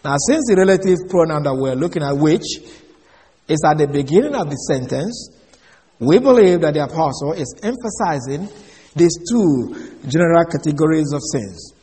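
A man giving an expository Bible lesson, measured and explaining Greek words one by one. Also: fairly high pitch, lively intonation, warm tone, big-room sound. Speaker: Bible teacher.

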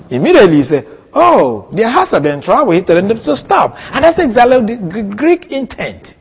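A man preaching an expository sermon, teaching in a deliberate way and repeating key points for emphasis. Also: on the high side, expressive, slightly rough. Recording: long reverb of a hall.

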